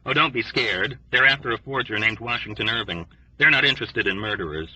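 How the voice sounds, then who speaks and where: A man voicing a wary, sardonic young airman who speaks in an urgent, hushed way. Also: medium pitch, a little fast, slightly rough, far from the mic, low-quality recording. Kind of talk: audiobook character voice.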